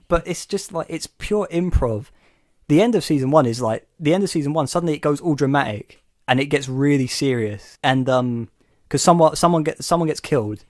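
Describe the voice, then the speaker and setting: A man's voice: fairly high pitch, moderate pace, darkish tone, dry recording, clean studio sound. A man hosting a podcast in casual chat, an enthusiastic and rambling storyteller. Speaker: podcast host.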